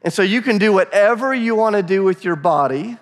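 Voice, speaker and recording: A man from the United States delivers a sermon in a relaxed, chatty voice that sits a little higher than most men's. He breaks into small laughs and acts out conversations as he tells stories. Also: brisk. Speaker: pastor.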